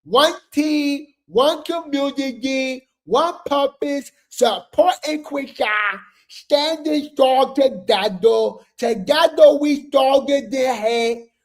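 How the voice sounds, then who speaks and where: A commentary host putting on a comedic impression voice to read a fan flyer aloud in a slow, drawn-out proclaiming way. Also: high voice. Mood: mock-solemn.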